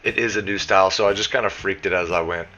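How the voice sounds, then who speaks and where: A man's voice: deep voice, steady tone, fast talker, bright, forceful tone, dull audio, soft background music. A man with a Southern US accent giving a casual, chatty voice-over for a game building tutorial, dropping plenty of "you know" asides. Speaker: game building guide creator.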